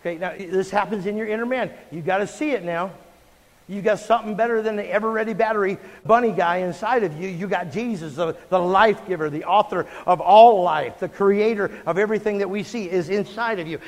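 A man's voice: high-pitched, brisk. A middle-aged man preaching a sermon to a church congregation, emphatic and calling for responses from the room. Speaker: pastor. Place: church sanctuary. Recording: long hall reverb.

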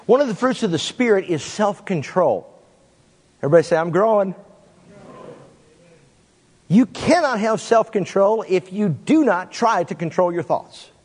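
A man preaching a sermon in an animated way, with sudden swings in pitch and pace. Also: measured pace, pauses often, long reverb tail.

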